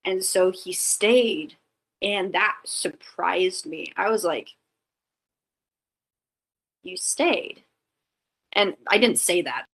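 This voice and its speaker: Woman guest on a chat show, slightly low voice, chatty and candid, heavy on "like" fillers. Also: slow pace, vocal fry, fairly bright tone, poor audio. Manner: chatty, full of "like" fillers and restarts; candid and reflective. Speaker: podcast guest. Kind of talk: casual storytelling in an interview.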